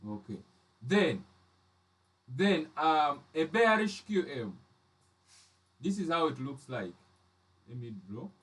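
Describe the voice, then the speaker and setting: A man's voice: on the high side, big pitch swings, takes it slowly, pauses often, fairly bright tone, recorded from a distance. A man teaching trading charts step by step, often repeating and restarting his phrases. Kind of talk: live chart lesson.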